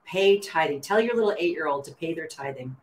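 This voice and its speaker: A woman's voice: deep voice, animated, fairly quick, reverberant, rough recording. A woman co-hosting a podcast, trading indignant, wry remarks in casual chat. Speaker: podcast co-host.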